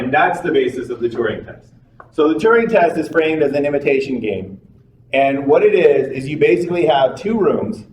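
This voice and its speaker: A man's voice: medium pitch, a little mellow. A man giving a psychology lecture in a classroom, talking in a conversational way, repeating himself and putting questions to the class. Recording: echoey room from a distance, faint noise.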